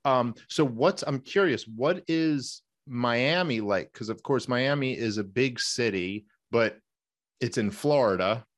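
A man's voice: medium pitch, slow, dry recording, studio quality. A man hosting a podcast, talking in a conversational, emphatic way with rambling asides. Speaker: podcast host. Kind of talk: casual interview chat.

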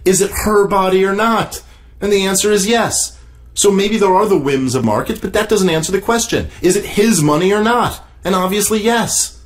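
A man's voice: sits high, moderate pace. A man hosting a solo podcast, reading an article aloud and tearing into it in a profane, exasperated, mocking way. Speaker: podcast host.

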